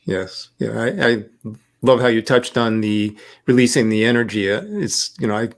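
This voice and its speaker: A man hosting a podcast interview, speaking in a measured, affirming way with frequent fillers. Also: mid-range voice. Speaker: podcast host. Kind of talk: interview conversation.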